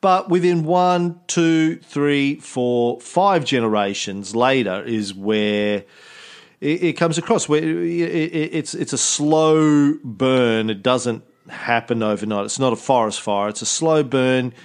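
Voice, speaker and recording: A man's voice: mid-range voice, unhurried, smooth. An Australian man chatting casually as a podcast host, rambling and joking with frequent restarts. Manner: rambling, jokey, with repeated restarts. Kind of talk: casual chat.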